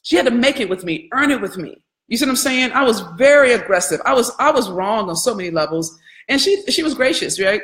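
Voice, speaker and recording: A woman business coach giving a live training, candid and animated, swearing freely and calling her audience y'all. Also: fairly high pitch, fairly quick, reverberant.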